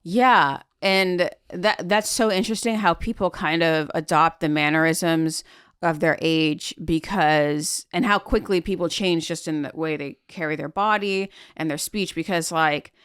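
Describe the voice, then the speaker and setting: A woman with a General American accent talks through ideas in a casual podcast chat, explaining as if giving a small lecture. Her voice sits a little low and comes across smooth and resonant. The recording is close and dry. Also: unhurried, fairly bright tone, no echo. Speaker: podcast co-host.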